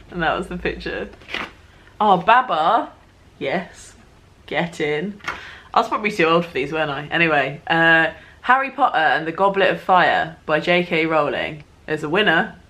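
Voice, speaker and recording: A woman's voice: on the low side, sharp tone. A woman in her twenties from England, chatting to camera in a casual, self-mocking way and laughing as she talks. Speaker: vlogger.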